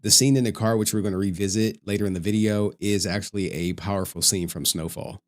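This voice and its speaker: A man's voice: on the low side, fairly even intonation, fast, background noise. A man chatting casually as a streamer, laid-back and talkative while reacting to a video.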